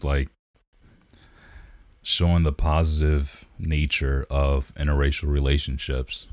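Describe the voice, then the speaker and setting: Recorded close on the mic with no room sound, this man co-hosts a podcast in a casual, meandering chat full of filler words. His voice is extremely deep and a touch mellow.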